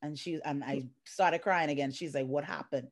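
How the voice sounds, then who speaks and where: A woman from the Bahamas with a very low, deep voice, recounting her life story on a video call. She tells it with emotion and acts out the voices of the people in her story, speaking as a middle-aged life coach. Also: moderate pace. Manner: emotional, animated retelling with acted-out quotes. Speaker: life coach, featured guest. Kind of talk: personal storytelling in an interview.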